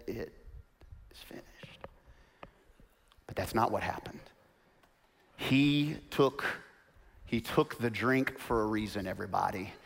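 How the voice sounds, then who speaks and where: A male pastor preaching a sermon, moving from hushed, quiet storytelling to loud, rising proclamation and calling on the congregation to repeat after him. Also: mid-range voice. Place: church.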